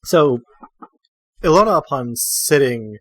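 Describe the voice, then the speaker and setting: A man narrating a tabletop role-playing game as game master, in a relaxed way with many fillers. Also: mid-range voice, slow, no room sound.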